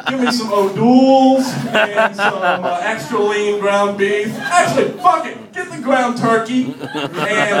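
A whiny, fussy husband rattles off his wishes in an exasperated, rambling voice pitched above his usual, as a man plays him. It is heard in an echoey room from a distance, over a lively crowd. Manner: exasperated, rambling grocery list.

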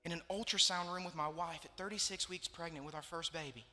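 Young male pastor, slightly high, bright voice, emotional repetitive sermon delivery, reverberant hall. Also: steady tone, fast. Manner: emotional storytelling, repeating phrases for emphasis.

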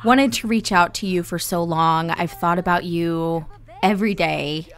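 A woman voicing a mother reuniting with her grown son, speaking softly and haltingly with heartfelt warmth. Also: lowish voice. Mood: tender. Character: tender mother meeting adult son.

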